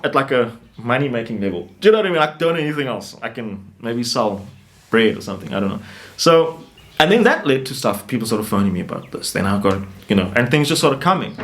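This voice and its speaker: A young man, a musician, telling his story casually as an interview guest in a rambling, animated way, often starting over and climbing in pitch for emphasis. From South Africa.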